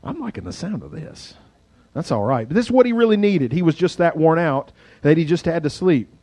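A man's voice: a little high, sing-song, brisk, mellow, dry recording. A man preaching a sermon on a street corner, chatty and joking, breaking off to pray when sirens pass. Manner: conversational, joking asides. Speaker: pastor.

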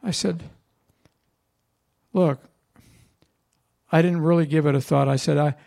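A man's voice: on the high side, fairly even intonation, a little slow, vocal fry, darkish tone. A man preaching a sermon as pastor, telling a story in a conversational way and asking the congregation questions.

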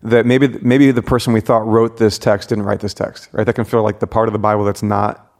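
A man's voice: lowish voice, level tone, a little fast, darkish tone. A man who is a pastor, hosting a casual interview, talking reflectively with many fillers and restarts. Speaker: pastor and podcast host.

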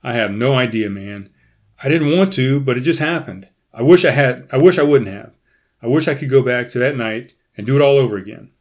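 A man's voice: mid-range voice, fairly quick, lightly acted. Man reading as a nervous, guilt-ridden guy.

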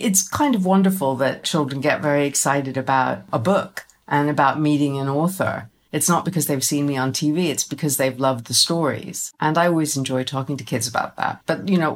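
A woman who is a children's author, chatting as a guest in an interview, animated and quick to laugh. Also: rumbling low. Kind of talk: casual interview chat.

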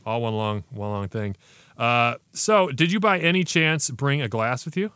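A man's voice: mid-range voice, expressive, normal speed, sharp tone, smooth, no echo. A man hosting a podcast, chatting casually and enthusiastically through a beer review with slangy banter. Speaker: podcast host.

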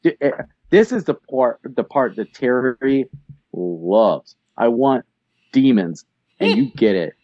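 A man's voice: medium pitch, very animated, takes it slowly, dark tone, no echo, dull audio. A man co-hosting a podcast who chats casually and enthusiastically, laughing often. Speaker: podcast co-host. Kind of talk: casual chat.

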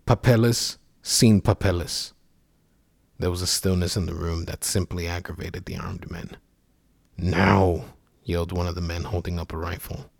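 A man narrating a scripted story in a measured, somber way. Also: low-pitched, vocal fry, darkish tone, no echo, clean studio sound.

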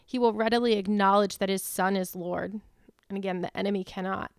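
Smooth, even-toned woman reading points. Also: mid-range voice, no room sound, clean studio sound. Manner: steady, measured, cites verses one after another. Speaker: church co-host. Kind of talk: reading out a list of teaching points.

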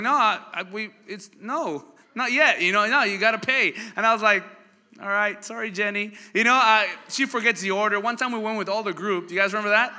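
Male pastor, bright forceful voice, lively storytelling sermon with a long hall reverb. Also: high voice. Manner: animated storytelling, asks the crowd questions. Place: church hall.

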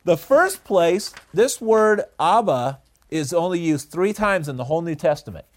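A man teaching a Bible study in a conversational way, often asking the listeners questions and pausing on "uh". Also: on the high side, animated. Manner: conversational, asks the audience questions, frequent uh fillers.

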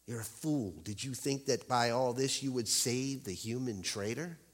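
A man voicing a cruel, gloating witch queen who sneers and threatens in a hushed voice, with long church reverb. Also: medium pitch, normal speed, natural voice. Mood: hushed menace.

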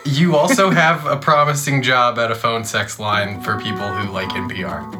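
A man's voice: medium pitch, fairly even intonation, moderate pace, sharp tone, faint music behind. A man from Ohio co-hosting a comedy podcast, trading dry, wry one-liners in casual banter. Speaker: podcast co-host.

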